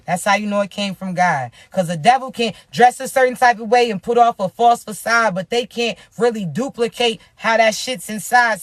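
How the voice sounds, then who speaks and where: Raspy, profane woman hyping her viewers. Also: fairly high pitch, fairly bright tone, no echo, clean studio sound. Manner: profane, emphatic, hyped-up preaching. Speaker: tarot reader. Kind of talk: casual spiritual reading to camera.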